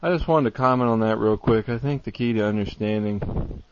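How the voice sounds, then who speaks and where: A man's voice: lowish voice, a little fast, dull audio, noisy background. A man calling into a Bible study, casual and a little out of breath. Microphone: call or conference line.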